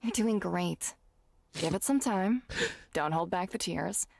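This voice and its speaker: A woman voicing Miss Arisugawa, a gentle and wise older female performer, in a comforting, theatrical manner during a tabletop role-play. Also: on the low side, takes it slowly, vocal fry, no echo, heavily acted. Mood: consoling.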